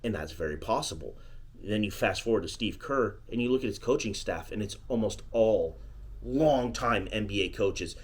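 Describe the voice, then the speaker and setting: A man's voice: lowish voice, lively intonation, normal speed, breathy edge. A man co-hosting a podcast, talking casually and at length about basketball coaching. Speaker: podcast co-host. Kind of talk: casual sports chat.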